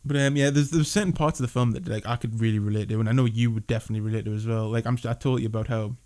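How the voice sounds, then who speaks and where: A man's voice: mid-range voice, steady tone, rapid-fire, a little mellow. A man casually reviewing a film with a friend, rambling, restarting often and laughing a lot.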